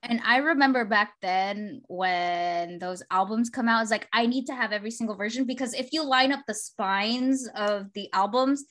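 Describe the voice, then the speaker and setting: A woman's voice: on the high side, moderate pace, hardly any pauses, fairly bright tone. A young woman co-hosting a podcast, chatting casually and enthusiastically, with lots of fillers and restarts. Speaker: podcast co-host. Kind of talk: casual chat.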